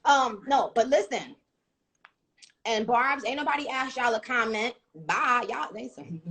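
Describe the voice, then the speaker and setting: A woman's voice: fairly high pitch, expressive, slow pace, a bit bright. A woman hosting a casual live-stream chat, brash and profane, teasing her guest and hurrying her along.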